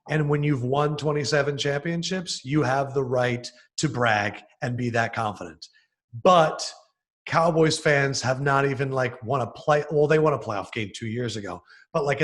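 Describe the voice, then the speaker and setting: In a laid-back podcast interview, a young man who works as a sports TV host near Philadelphia tells stories with animated, excited bursts. His voice is mid-range.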